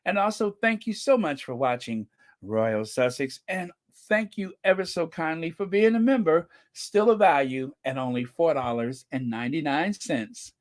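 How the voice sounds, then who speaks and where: A man's voice: on the high side, lively intonation, normal speed. A man hosting his own online channel, chatting casually, reading viewer comments aloud and laughing often as he talks. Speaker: channel host.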